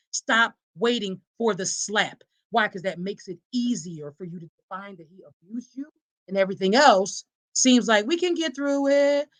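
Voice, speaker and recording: A woman's voice: fairly high pitch, fairly bright tone. A woman hosting a live podcast, speaking emphatically and preacher-like, addressing her listeners as y'all and reading their comments aloud. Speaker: podcast host. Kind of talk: live-streamed advocacy talk.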